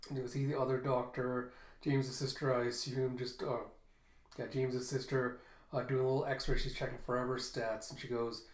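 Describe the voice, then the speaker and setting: Man, casual read-aloud narration, comic retelling, middling pitch, roomy echo. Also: level tone, a little fast. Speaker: comic readthrough host.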